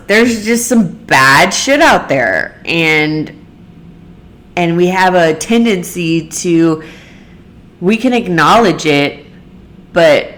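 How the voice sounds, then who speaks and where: A young adult woman hosting a solo talk, thinking aloud in an unhurried, searching way with many fillers and restarts. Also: medium pitch, fairly bright tone. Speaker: podcast host. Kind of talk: reflective solo monologue.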